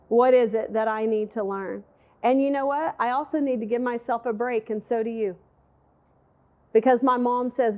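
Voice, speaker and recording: A woman's voice: fairly high pitch, steady tone, normal speed, a little mellow. A middle-aged woman giving an emotional, conversational sermon, speaking directly to her listeners. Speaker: women's Bible teacher.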